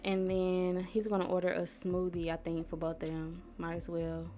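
A woman's voice: fairly low pitch, monotone, dark tone. A young woman from Missouri giving casual, slangy commentary while playing a life-sim game and talking to its characters. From Missouri, USA. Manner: chatty, talks to herself and the characters, slangy, quick to get annoyed. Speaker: gaming YouTuber.

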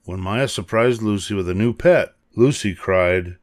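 An older man reading a children's picture book aloud, expressive and animated. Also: on the low side, unhurried, no echo, studio quality. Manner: expressive, animated voices for characters. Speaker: storybook reader.

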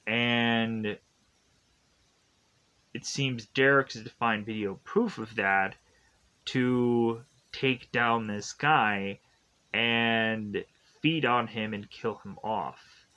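A man's voice: mid-range voice, fairly even intonation, extremely slow, bright, forceful tone, clean tone. A man giving a casual spoken film review, tired and yawning, rambling in a loose and repetitive way. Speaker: movie reviewer.

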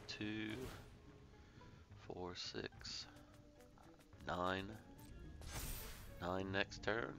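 A man's voice: low voice, unhurried, creaky, long pauses, lo-fi sound. A man casually commentating his card game with joking, rambling asides. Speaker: gameplay commentator. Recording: game music playing behind.

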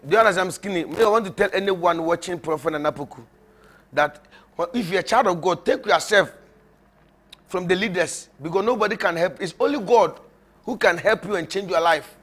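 A bright, high-pitched male preacher addresses his viewers in a loose, rambling sermon. He mocks, laughs often and hammers points home by repeating them. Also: fairly quick. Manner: mocking, laughing, emphatic; repetitive, rambling. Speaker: prophet.

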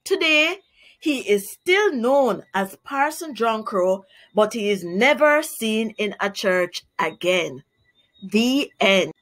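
A woman teacher with a Jamaican accent who reads a children's story aloud and then explains words clearly and carefully. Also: on the high side, animated, slow pace, a bit bright. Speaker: primary school teacher. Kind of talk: children's read-aloud and vocabulary lesson.

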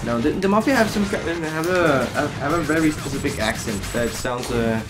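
A young man with a slightly high voice chats loosely while playing a fighting game. He jokes, trails off and hums song lines. Loud game music plays behind him. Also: expressive, moderate pace. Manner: joking, sings snatches of songs. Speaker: gameplay commentator. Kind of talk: casual gameplay chat.

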